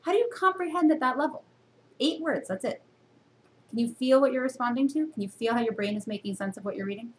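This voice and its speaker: Expressive woman teaching a reading class. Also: fast, slight background noise. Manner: teacherly, full of rhetorical questions; expressive jumps in pitch for emphasis. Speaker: university reading instructor. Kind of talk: recorded classroom lecture. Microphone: camera.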